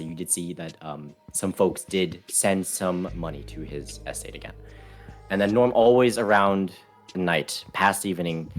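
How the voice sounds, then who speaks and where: A young man narrating as game master of a tabletop game, relaxed and halting with many fillers. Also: low voice.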